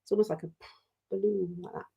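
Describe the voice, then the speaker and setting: Gentle British woman leading a choir. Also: medium pitch, fairly even intonation, fast, vocal fry, slightly rough. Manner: gentle and encouraging, sings short lines to demonstrate. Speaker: choir leader. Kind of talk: online choir rehearsal teaching.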